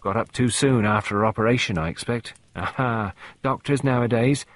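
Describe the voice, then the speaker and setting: A man's voice: mid-range voice, normal speed, voice pushed up, close to an everyday voice. A man doing a chatty homely old cook woman. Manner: rambling, confiding, fond of old ways.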